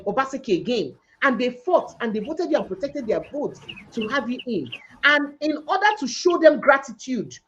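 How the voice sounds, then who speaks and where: A woman's voice: sits high, dull audio. A Nigerian woman hosting a debate-style discussion who slips into Pidgin and presses her points hard. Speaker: show host.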